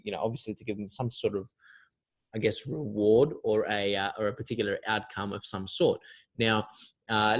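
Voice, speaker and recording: A man giving an informal cybersecurity lesson in a loose, chatty way, full of fillers and restarts. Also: medium pitch. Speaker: cybersecurity instructor.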